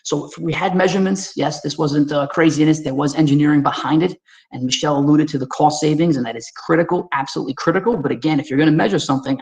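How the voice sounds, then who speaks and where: On a rough recording, a man from Staten Island with a New York accent runs through webinar slides. His fairly high-pitched delivery is lively, folksy and chatty, aimed directly at his audience.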